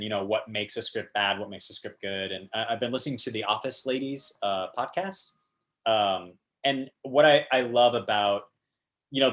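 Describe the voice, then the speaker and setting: A man from the American South, a guest actor, chatting casually and telling animated stories with plenty of fillers. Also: lowish voice. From Georgia, US South. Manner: animated storyteller, many fillers. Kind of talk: casual interview chat.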